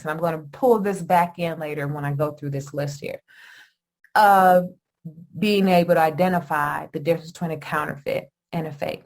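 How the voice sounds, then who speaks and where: A middle-aged woman from Michigan hosting a podcast, telling a personal story in an animated way and talking straight to her listeners. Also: medium pitch. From Michigan, USA. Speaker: podcast host. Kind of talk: storytelling monologue.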